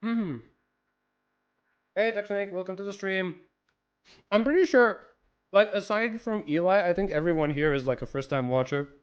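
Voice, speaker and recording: A man's voice: sits high, normal speed, long pauses, clear, resonant tone, muffled recording. A man streaming a game, chatting casually, greeting viewers by name and snacking as he talks. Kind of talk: casual livestream chat.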